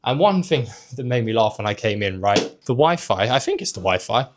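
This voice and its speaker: A man's voice: medium pitch, very animated, brisk, background noise. A young man giving a casual, joking tour of a small hotel room, filmed on a handheld camera. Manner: chatty and joking, with offhand asides. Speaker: travel vlogger and host.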